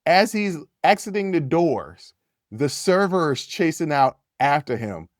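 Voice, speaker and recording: A man hosts a podcast and tells a story in a loose, casual way. His voice sits a little high and turns animated, repeating himself as he builds the tale. The sound is dry and close, with no room around it. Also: a little slow, dry recording. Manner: animated, repeats phrases, jumps to high yells when quoting. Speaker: podcast host.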